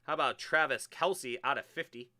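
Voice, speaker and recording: A man hosting a live-streamed sports card break, chatty and excitable as he hypes each card he pulls. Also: mid-range voice, moderate pace.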